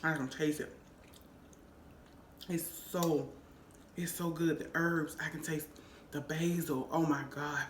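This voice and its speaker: A woman's voice: low voice, fairly even intonation, slow, pauses often. A woman hosting her own cooking vlog, chatting casually to viewers and humming over the food as she tastes it. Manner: chatty, savoring aloud with lots of hums and "y'all". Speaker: cooking channel host. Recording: echoey room with faint noise.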